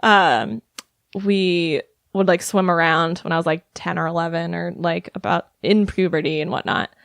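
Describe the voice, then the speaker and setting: A woman's voice: fairly low pitch, normal speed, gravelly, dry recording. Chatty woman comedian telling stories. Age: 20s to 30s. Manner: chatty storytelling with many fillers and laughs. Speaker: comedian guest. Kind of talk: casual podcast interview.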